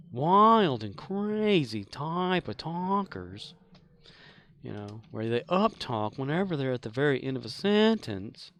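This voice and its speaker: A man talks loosely on a live game stream, full of "um" and "like". His voice sits at a middle pitch, and he chuckles at his own asides. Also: a bit bright, clear, resonant tone. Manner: rambling, filler-heavy, laughs at his own jokes. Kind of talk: casual live-stream chat while gaming.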